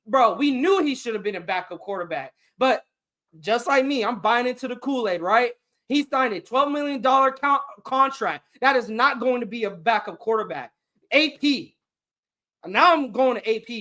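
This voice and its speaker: A man ranting with real frustration about his football team, swearing as he goes. His voice is bright and forceful, pushing hard on each complaint. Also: very high-pitched. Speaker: fan podcast host. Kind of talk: heated sports rant.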